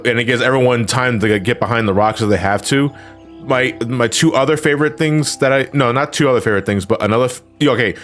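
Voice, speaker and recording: A man with a medium-pitched, slightly bright voice chats casually while streaming an online game. He rambles, restarts, uses fillers, and swears freely.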